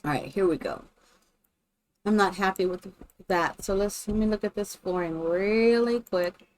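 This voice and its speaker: Female streamer, mid-pitched voice, casual running commentary while building in a game, thinks aloud and greets viewers by name. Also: a little slow. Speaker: live streamer.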